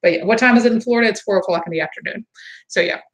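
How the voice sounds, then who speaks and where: Talking very fast over a rough recording, a woman hosts a casual livestream, chatting and responding to chat comments. Now and then she imitates other people in high, exaggerated voices.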